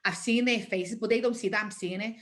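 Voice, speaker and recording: A woman's voice: medium pitch, brisk, fairly bright tone. A woman in her forties with a Liverpool accent, a guest in a conversational interview, speaking emphatically and repeating phrases for stress. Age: 40s.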